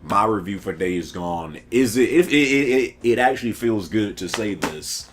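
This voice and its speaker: A man's voice: fairly low pitch, animated, moderate pace, few pauses, soft background music. A man giving a casual, chatty video game review, talking animatedly with lots of fillers, restarts and laughs.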